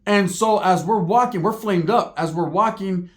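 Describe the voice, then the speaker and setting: A man's voice: high voice, normal speed. A man telling a street fight story in a casual, profane way, full of street slang.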